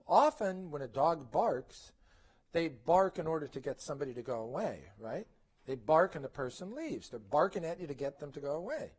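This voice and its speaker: A middle-aged man with a fairly high voice presents at a conference, lecturing parents conversationally. He often poses rhetorical questions and checks in with "okay?".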